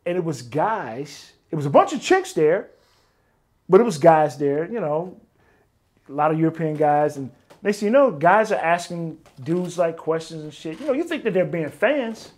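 A man recounts stories in a casual interview, his fairly high voice animated as he acts out other people's lines. He swears freely and caps many of his sentences with "man.". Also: moderate pace. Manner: animated, swears often, keeps saying "man". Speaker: interview guest, former bodyguard. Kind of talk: casual storytelling.

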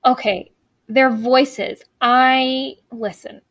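A woman co-hosting a podcast in casual chat, talking fast and loose with lots of fillers and restarts. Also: high voice, steady tone, no room sound. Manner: chatty, many fillers and restarts. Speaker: podcast co-host.

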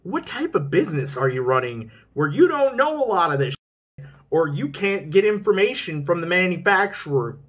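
A young man in a ranting vlog, fed up and swearing as he vents. His husky voice sits a little high and swings widely in pitch, jumping up in indignation and sinking low when he grumbles. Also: big pitch swings, moderate pace, a bit bright. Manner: frustrated, exasperated ranting with profanity. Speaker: vlogger.

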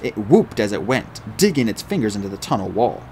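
A man reading a novel aloud as an audiobook narrator, with an animated, expressive delivery. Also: lowish voice, fairly quick, a little hiss or hum.

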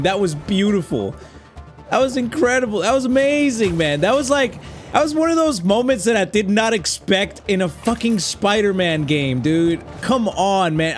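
A man giving let's-play commentary, reacting emotionally and swearing often. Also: high-pitched. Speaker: gaming YouTuber.

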